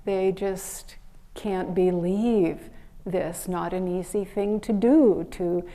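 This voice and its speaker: Brief: unhurried woman preacher with a mellow, low-toned voice, telling a parable. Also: steady tone. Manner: slow, gentle storytelling with pauses. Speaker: minister giving a Sunday service. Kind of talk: sermon with storytelling.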